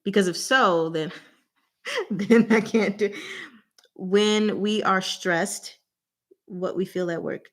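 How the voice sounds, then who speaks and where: Woman, livestream host, casual chat, unhurried, mid-pitched, clipped clue phrases, frequent laughs. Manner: gives word clues in slow, deliberate fragments, laughs often. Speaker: channel host running a livestream game.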